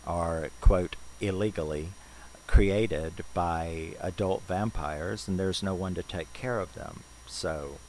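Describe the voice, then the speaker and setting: A man's voice: deep voice, a little hiss or hum, rough recording. A man recapping a horror film in a loose, rambling way, full of restarts and "you know"s. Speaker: movie reviewer.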